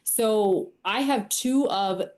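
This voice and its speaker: A woman running for office, answering interview questions in a brisk, informed way with some fillers. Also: mid-range voice, a little mellow. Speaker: candidate.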